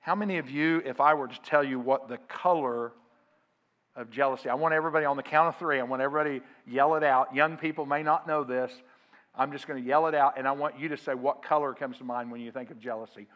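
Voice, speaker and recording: A male pastor, speaking at medium pitch with a steady tone and quick pace, preaches to his congregation. He prompts them to respond aloud and swings between loud emphasis and quiet asides.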